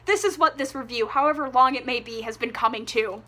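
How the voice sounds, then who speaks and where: Bright, high-voiced ranting woman. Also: fairly quick. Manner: exasperated, sarcastic, heavy use of "like". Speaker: book reviewer. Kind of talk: ranting book review vlog.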